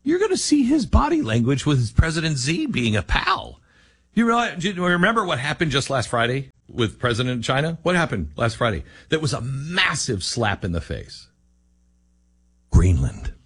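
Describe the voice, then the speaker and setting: Animated husky-voiced male radio host. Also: medium pitch, moderate pace, no room sound. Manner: animated, emphatic, drops into quoted voices. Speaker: radio talk show host. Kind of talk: talk radio commentary and live ad reads.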